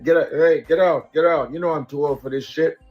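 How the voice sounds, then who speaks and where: A man's voice: a little high, steady tone, brisk, muffled recording, faint music behind, natural voice. Man doing a tired, very old man. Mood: weary scolding.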